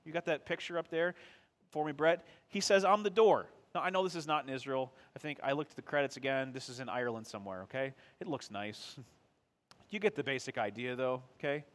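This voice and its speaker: A man's voice: medium pitch, a little fast, fairly bright tone. A man pastor preaching a sermon in a conversational way, asking the congregation questions and answering them himself.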